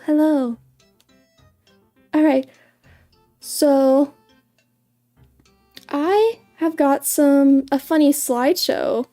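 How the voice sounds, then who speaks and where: A woman's voice: sits high, dark tone. A woman streaming as a VTuber in a casual livestream chat, bubbly and giggly, often stumbling and repeating her words.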